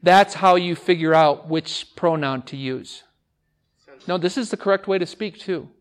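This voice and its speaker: A man teaching a class of speech students, talking with energy and throwing questions out to the room. His voice sits a little higher than most men's. He repeats key words to drive a point home. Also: measured pace. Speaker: English teacher and speech coach. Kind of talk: classroom lecture.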